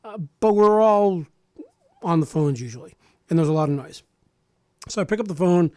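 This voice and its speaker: A man in his forties telling a personal story in casual radio talk, animated and acting out other people's lines, often restarting and repeating words. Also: high voice, moderate pace, no room sound, studio quality. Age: 40s.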